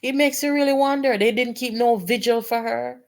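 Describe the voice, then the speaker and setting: A woman's voice: a little high, fairly even intonation, moderate pace. A woman with a Jamaican accent, delivering impassioned political commentary with indignant, emphatic rhetorical questions.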